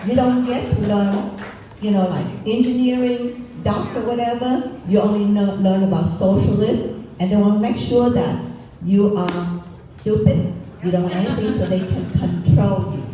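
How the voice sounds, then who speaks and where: A woman's voice: medium pitch, moderate pace, dark tone. A woman from Vietnam with a Vietnamese accent, giving a storytelling speech as a candidate at an outdoor rally. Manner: storytelling, acts out dialogue. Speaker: political candidate. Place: outdoor rally in a parking lot. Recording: echoey, distant mic, faint noise.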